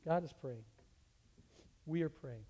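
A man, a teacher, telling a personal story as a testimony, animated and with his voice rising sharply in the retold scenes. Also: on the high side, slow. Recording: long reverb of a large hall.

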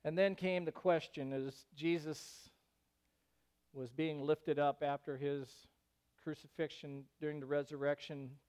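A male pastor preaching a sermon in an animated way, rising into loud, emphatic bursts. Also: fairly high pitch, a little slow, clean tone.

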